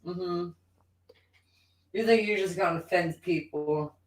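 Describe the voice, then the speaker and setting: A woman's voice: fairly low pitch, takes it slowly. A woman joining a casual chat from the side, teasing and egging the host on. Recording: roomy echo, off-mic.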